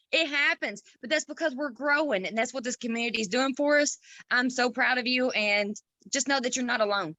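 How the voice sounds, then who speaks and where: Bright, dry-sounding supportive woman. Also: high-pitched, normal speed, no echo. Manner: warm-hearted, direct, calls people girl. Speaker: group member. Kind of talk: supportive casual talk.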